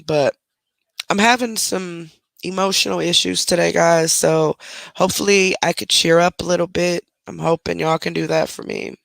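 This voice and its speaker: Gravelly low-voiced woman chatting on a stream. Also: fairly even intonation, moderate pace, fairly bright tone, no room sound. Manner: chatty, keeps breaking off to scold her dog. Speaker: livestream host. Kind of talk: casual live-stream chat. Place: at home, indoors. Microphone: desk microphone close up.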